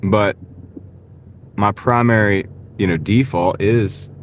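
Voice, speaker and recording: A man's voice: fairly low pitch, slow pace, slight background noise. A man with a light Southern US accent chatting casually on a livestream from his car, rambling and answering viewer comments. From American South. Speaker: delivery driver livestreamer. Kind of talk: casual livestream chat while driving. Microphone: wireless clip-on mic.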